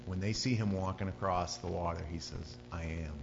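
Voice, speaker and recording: A man preaching a sermon, telling the story with lively acted-out voices and screams. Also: low-pitched, a little fast, gravelly. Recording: dull lo-fi sound with long hall reverb and faint hum.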